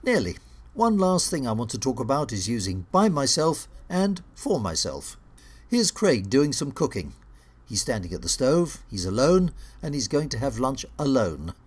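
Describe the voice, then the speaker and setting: A middle-aged man teaching an English grammar lesson, reading clear scripted narration in a lively teacher's manner. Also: medium pitch, moderate pace. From England.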